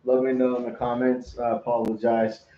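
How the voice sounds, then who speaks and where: A man's voice: mid-range voice, little pitch movement, normal speed, echoey room, dull audio, slight background noise. A man hosting a casual podcast, laughing often and swearing freely. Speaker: podcast host.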